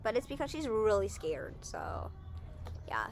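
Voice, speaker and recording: A woman's voice: mid-range voice, wildly swooping pitch, a little slow. A young woman casually chatting in a Q&A vlog, rambling and self-correcting as she talks. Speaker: vlogger.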